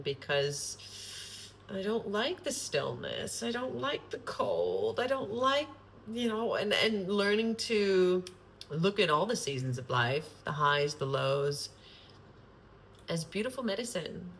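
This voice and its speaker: Woman, lowish voice, casual spiritual vlog, rambling, earnest, swears freely, faint ambient hum. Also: fairly bright tone. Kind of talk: casual spontaneous monologue.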